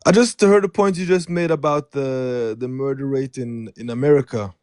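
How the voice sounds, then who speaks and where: A man calling into a live stream, giving calm, brief answers. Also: mid-range voice, normal speed, clear, resonant tone, no room sound, clean studio sound. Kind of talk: casual call-in chat.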